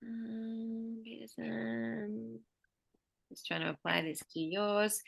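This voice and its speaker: A woman speech pathologist giving a patient one-on-one pronunciation lesson, explaining slowly with examples. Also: a little high, flat delivery, gravelly, husky.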